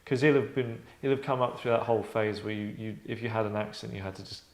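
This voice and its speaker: A man's voice: fairly low pitch, little pitch movement, fast, a little hiss or hum. A man hosting a casual discussion, chatty and wry, slipping into voices as he talks. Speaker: host. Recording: roomy echo.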